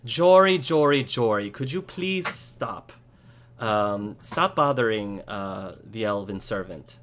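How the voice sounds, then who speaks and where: A man's voice: lowish voice, animated, takes it slowly, fairly bright tone. Weary, patient farmer dad, hesitant, voiced by a man. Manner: tired, humoring, hesitant. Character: weary middle-aged farmer father, patient.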